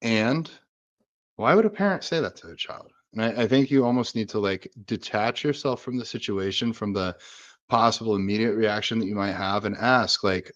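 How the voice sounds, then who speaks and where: A man's voice: fairly low pitch, normal speed, lo-fi sound. A man co-hosting a podcast, talking casually and searching aloud for examples as he rambles. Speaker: podcast co-host.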